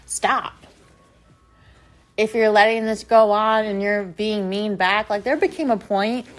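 Young woman rambling through a confessional vlog, lots of likes and you knows. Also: on the high side. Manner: rambling, many fillers. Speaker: vlogger. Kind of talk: confessional casual monologue.

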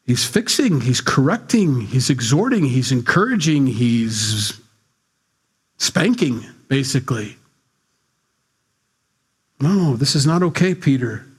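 A man's voice: mid-range voice, breathy edge. Casual guy pastor, blunt and teasing, talks plain between verses. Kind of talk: sermon with Bible reading.

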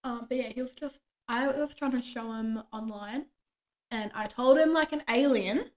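A woman's voice: fairly high pitch, moderate pace, darkish tone. A young woman, chatting casually as a podcast co-host and acting out quoted lines from her workday. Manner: chatty storytelling, acts out quoted dialogue. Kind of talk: casual chat.

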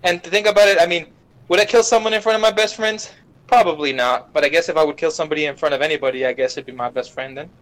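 On a podcast, a young guest with a slightly high voice animatedly recaps an anime story, cursing heavily and briefly voicing the characters. The recording is rough.

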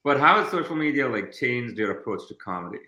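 A man co-hosts a relaxed podcast, tossing in jokes between his questions. His bright, tense voice swings widely in pitch. The recording carries a clear roomy echo. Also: fairly quick. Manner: easygoing and jokey. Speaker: podcast co-host. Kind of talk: casual podcast chat.

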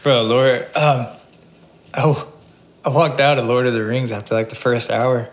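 A laid-back man chats on a podcast as co-host, mostly giving short replies. His voice sits at an ordinary middle pitch. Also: steady tone, unhurried. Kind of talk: casual podcast chat.

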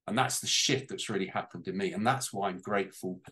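A man's voice: deep voice, a little fast, pushed and bright. Tearful man sharing his story. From United Kingdom. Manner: heartfelt, close to tears, rambling. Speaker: guest on a panel. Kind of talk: emotional personal testimony.

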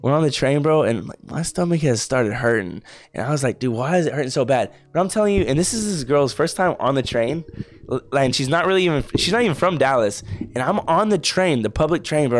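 Young male podcast co-host, rambling casual storyteller, mid-pitched, faint music behind. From Texas. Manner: rambling, says "bro" a lot.

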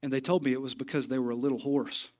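A man's voice: mid-range voice, level tone, quick pace, darkish tone. A man preaching a sermon in a church, folksy and joking, with emphatic stretches. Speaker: pastor. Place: church sanctuary.

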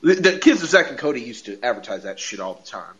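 A man co-hosting a podcast, casually recapping a TV episode in a rambling way, full of "like" and quick laughs. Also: mid-range voice, sing-song. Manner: rambling, heavy on filler "like", laughs often. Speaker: podcast co-host. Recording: dull lo-fi audio.

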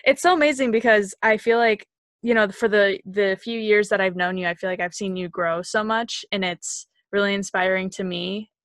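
A woman's voice: mid-range voice, fairly even intonation, moderate pace, fairly bright tone, no echo. A woman in her twenties hosting a casual podcast, talking in an effusive, enthusiastic way. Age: 20s. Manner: effusive, enthusiastic, gushing with praise. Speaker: podcast host.

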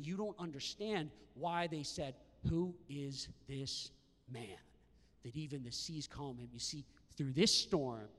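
A male pastor preaches with animated energy, swinging into acted-out voices when he quotes people. His voice sits a little high for a man. It rings through a church hall with a long reverb tail. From Canada. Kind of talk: sermon. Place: church hall with live congregation.

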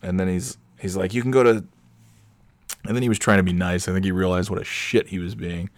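A very low-voiced man rambles fast through an anecdote, swearing a lot, looping back on himself and using many fillers, with fairly even intonation. Irritated and ranting, he sounds like a host venting casually to listeners. The sound is close and dry, with no echo or room behind it.

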